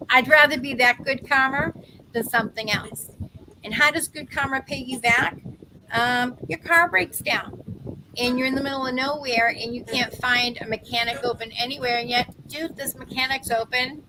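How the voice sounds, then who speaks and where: Woman in her fifties, psychic host, chatty casual live chat, higher voice, noisy background. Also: steady tone, normal speed. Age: 50s. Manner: chatty, laughs easily, acts out quoted voices.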